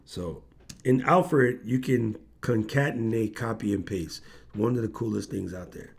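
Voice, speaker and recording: A man's voice: on the low side, measured pace, gravelly. A man hosting a livestream, telling a story in casual slang and acting out the people he quotes. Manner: animated slangy storyteller, acts out quoted voices. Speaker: livestream host.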